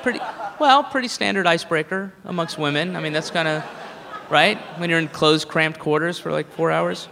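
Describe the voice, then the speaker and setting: A male stand-up comedian ranting in an incredulous, mocking, profane way, shouting at the peaks, live at a comedy venue. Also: on the high side, normal speed, creaky, some chatter behind, a little hiss or hum. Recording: live in a reverberant hall with audience.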